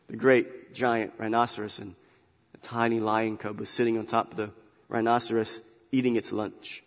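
A man preaching a sermon as pastor, emphatic and animated, swinging between loud emphasis and quiet asides. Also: medium pitch, long reverb tail. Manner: animated, emphatic storytelling with big swings in loudness. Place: church sanctuary.

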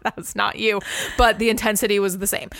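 A young woman in casual podcast chat, an animated storyteller who laughs often. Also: medium pitch, fairly quick, vocal fry, no echo, clean studio sound.

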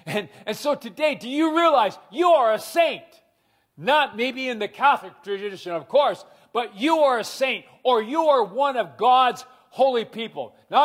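A man's voice: sits high, a bit bright. A man preaching a sermon, reading scripture aloud and leading the congregation to repeat lines after him, earnest, with frequent restarts. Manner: reads scripture aloud and leads the congregation in call-and-response. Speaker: pastor.

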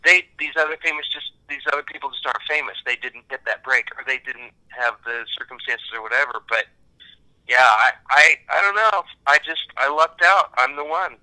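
An American man from Kansas, an actor, chatting casually in an interview in a rambling, animated, self-deprecating way. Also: mid-range voice, fairly quick, poor audio. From Kansas, United States. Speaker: actor guest.

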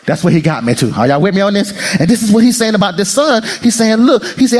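A male pastor preaching a sermon in call-and-response style, acting out prayers and quotes, moving between excited bursts and low murmured prayer. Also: brisk, hardly any pauses.

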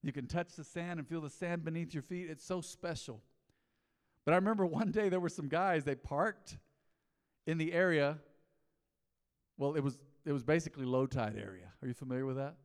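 A middle-aged male pastor preaching a sermon, swinging from soft pleading to loud calls that get the congregation repeating after him. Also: fairly high pitch, moderate pace, clear, resonant tone. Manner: animated preaching, rising and falling dynamics, calls to the congregation. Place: large church hall. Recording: long hall reverb.

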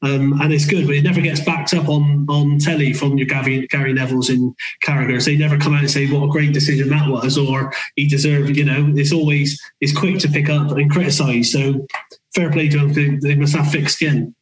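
A man's voice: on the high side, level tone, a little fast, roomy sound, a little hiss or hum, rough recording. A man, a football manager, speaking as a podcast guest in a rambling, hesitant way with fillers. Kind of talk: casual podcast chat.

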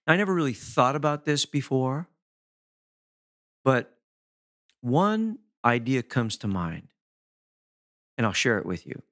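A man's voice: mid-range voice, takes it slowly, pauses often. A middle-aged man hosting his own podcast as a hypnotherapist, talking casually and animatedly, sometimes acting out how people sound. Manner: animated, swooping delivery with playful demonstrations of voices. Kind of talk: casual solo podcast talk.

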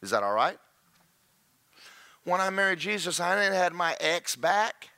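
A middle-aged preacher delivers a sermon with humor, slipping into playful impressions as he goes. His voice sits fairly high and bright, swinging widely in pitch. The sound is close and dry. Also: unhurried, no echo. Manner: lively, joking, acts out quoted voices.

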